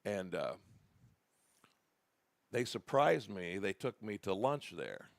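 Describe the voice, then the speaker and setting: A man with a low, heavily gravelly voice tells rambling stories in a relaxed podcast chat. He backs up and restarts as he goes. The sound is dry and close, with no room echo. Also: takes it slowly. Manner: rambling anecdotal storytelling with restarts. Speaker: podcast co-host. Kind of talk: casual storytelling chat.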